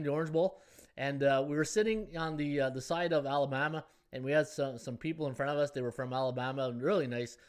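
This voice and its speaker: A middle-aged man hosting a sports betting live stream, chatting casually and rambling through viewer comments. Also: fairly high pitch. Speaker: sports betting podcast host.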